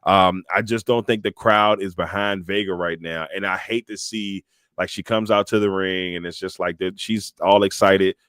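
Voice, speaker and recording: Animated man retelling wrestling moments. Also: deep voice, normal speed, clear, resonant tone, no room sound, clean studio sound. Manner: animated storyteller, acts out quotes and entrance music. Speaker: podcast co-host. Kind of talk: casual wrestling chat.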